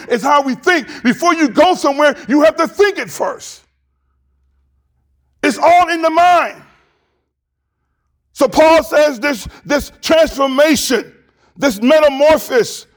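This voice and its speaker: A male pastor preaching a sermon, emphatic and repetitive, building to shouted climaxes. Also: extremely high pitch.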